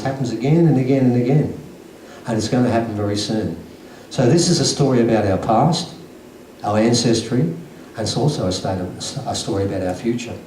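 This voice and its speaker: A man's voice: mid-range voice, darkish tone, a little hiss or hum. Earnest man lecturing in an echoey hall. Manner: earnest, emphatic storytelling. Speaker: conference speaker. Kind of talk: lecture to an audience. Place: conference hall. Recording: echoey hall recording from a distance.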